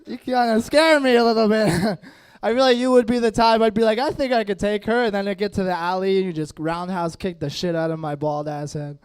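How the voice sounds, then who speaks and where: A man's voice: sits high, fairly even intonation, fairly quick, clear, resonant tone. Young man with a lisp doing stand-up. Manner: loose, self-mocking, laughs at his own jokes. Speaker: stand-up comedian. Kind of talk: stand-up set with crowd work. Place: comedy stage in a room with a dining audience.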